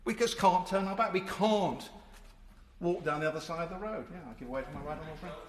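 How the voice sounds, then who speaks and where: A man's voice: high-pitched, fast talker. Emphatic older man in an echoing chamber. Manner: emphatic, rhetorical, wry asides. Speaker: member of parliament. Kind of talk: parliamentary debate speech. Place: large debating chamber. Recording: echoey hall with long reverb.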